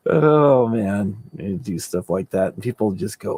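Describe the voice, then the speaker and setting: A man's voice: lowish voice, animated, unhurried, hardly any pauses, warm tone, breathy edge, no room sound. Laid-back rambling livestream host, man. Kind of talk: casual late-night livestream chat.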